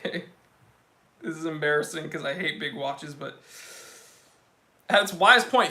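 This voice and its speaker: A young man runs a live stream on a watch channel, chatting in a relaxed way and reading viewer comments aloud with excitement. His voice is on the high side, his pace a little slow, with long pauses.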